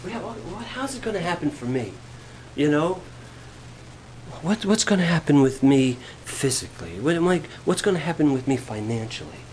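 A man preaching a sermon, shifting from quiet storytelling to rising, fervent preaching. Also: on the high side, sing-song, normal speed, slight background noise, poor audio. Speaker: pastor.

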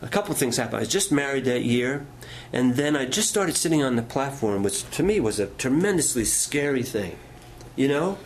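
A man's voice: medium pitch, expressive, brisk, hardly any pauses, slight background noise. A middle-aged male pastor preaching a sermon, telling stories in a folksy way and asking the congregation questions.

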